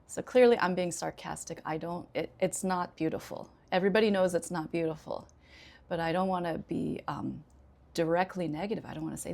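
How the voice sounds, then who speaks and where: A woman ESL teacher with an American accent, giving a spoken English lesson in a clear, deliberate way and addressing learners directly. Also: on the low side, steady tone, darkish tone. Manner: clear, deliberate teaching delivery with example sentences.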